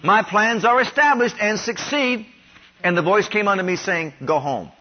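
An expressive, high-voiced preacher from Ohio, USA delivers a sermon at normal speed, with dull lo-fi sound. He has the congregation repeat declarations after him, rising louder and higher on each repetition.

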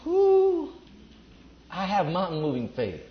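A man's voice: on the high side, lively intonation, normal speed. A man preaching a sermon to a congregation, emphatic and repeating his declarations. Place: church before a congregation. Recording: echoey, dull lo-fi recording.

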